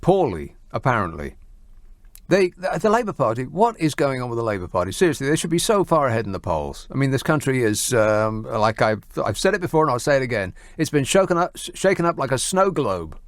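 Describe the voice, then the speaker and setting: A man's voice: mid-range voice, sing-song, fairly quick, no echo. A man hosting a late-night radio phone-in, dry and teasing as he takes calls. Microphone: studio mic.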